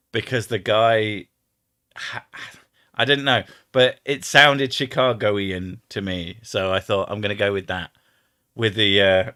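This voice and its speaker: A man's voice: lowish voice, bright, forceful tone, no echo, clean studio sound. A young English man from the home counties hosting a casual chat, swearing freely and trying out accents. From England, home counties. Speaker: host.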